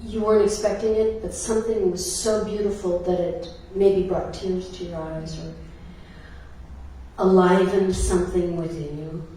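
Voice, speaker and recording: A woman minister delivers a sermon, telling stories in an unhurried, chatty way with plenty of ums and laughs. Her voice rings through a very echoey church and sounds a little far from the microphone, with a faint hiss behind it. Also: fairly low pitch, fairly even intonation. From Ireland. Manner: warm storytelling with laughs and filler words. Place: church sanctuary. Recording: echoey church hall from a distance.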